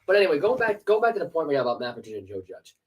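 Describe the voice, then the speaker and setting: A man's voice: fairly high pitch, big pitch swings, very fast, a little mellow, rough recording. A man co-hosting a sports podcast, ranting heatedly with profanity and sarcastic rhetorical questions. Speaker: podcast co-host. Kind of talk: casual sports podcast rant.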